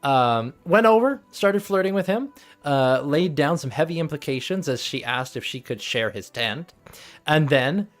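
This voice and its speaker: A man's voice: fairly high pitch, animated, measured pace, soft background music. A young man recapping a tabletop game as game master, rambling with lots of fillers and laughter.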